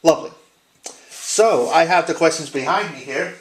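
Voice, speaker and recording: A man's voice: fairly high pitch, moderate pace, roomy sound, low-quality recording. A man hosting a gaming channel, giving a casual vlog tag response in a chatty, joking way with frequent ums. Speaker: YouTube gaming channel host.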